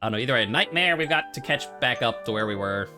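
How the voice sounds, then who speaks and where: A man's voice: medium pitch, lively intonation, fast talker, over music. A man streaming a game and chatting casually over it, rambling and joking. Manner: rambling, jokey, full of restarts. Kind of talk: casual let's-play commentary.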